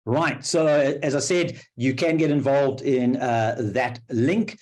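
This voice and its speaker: A man's voice: medium pitch, unhurried, a little mellow. A man hosting an online webinar over a video call, rambling and jokey with lots of fillers. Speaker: webinar host.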